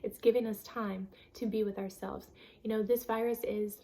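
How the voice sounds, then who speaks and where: A woman's voice: mid-range voice, level tone, moderate pace, dark tone. A woman giving an earnest, emphatic self-help talk on a vlog, repeating phrases for stress. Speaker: vlogger.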